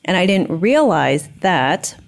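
A woman's voice: fairly low pitch, big pitch swings, takes it slowly, gravelly. A young woman telling a personal story candidly in a casual podcast chat, acting out quoted dialogue.

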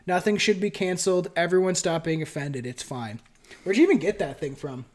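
A man's voice: high voice, lively intonation, fairly quick. A Canadian man hosting a casual podcast at a friend's home, swearing freely and laughing as he reads his notes. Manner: casual and profane, laughs while reading notes. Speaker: podcast host. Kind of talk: casual podcast chat with scripted reading. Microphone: different home mic setup.

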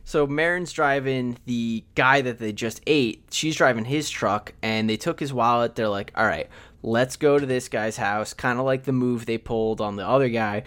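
A man co-hosting a podcast, rambling through a movie plot recap in casual chat and slipping in quick quoted lines. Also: mid-range voice, a bit bright, clear, resonant tone. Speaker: podcast co-host.

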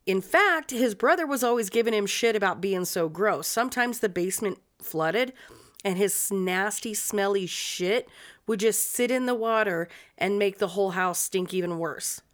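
A woman's voice: medium pitch, moderate pace, a bit bright. A woman hosting a podcast, telling a true-crime story in a casual, profane, blunt way.

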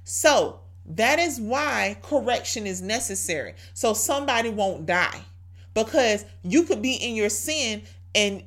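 A woman with a fairly high voice hosts a devotional podcast. She talks in a casual, preachy way, pressing her points with rhetorical questions. She repeats her key phrases for emphasis. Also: a bit bright. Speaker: podcast host.

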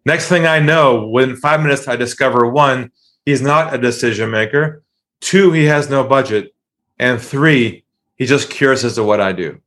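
A man's voice: medium pitch, moderate pace. Man telling sales stories with acted-out calls. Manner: animated, acts out calls in excited voices. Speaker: sales trainer guest. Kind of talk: storytelling interview.

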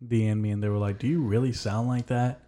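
Man hosting a podcast, low voice, rambling, profane, loose chatty delivery. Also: steady tone, fast, mellow. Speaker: podcast host. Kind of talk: casual podcast chat. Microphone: headphones and studio mic.

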